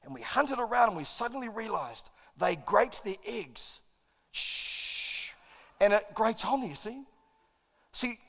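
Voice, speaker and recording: A male pastor delivers a sermon as an animated storyteller, acting out his own part in the stories. His voice sits very high for a man. The sound carries the long reverb of a church hall.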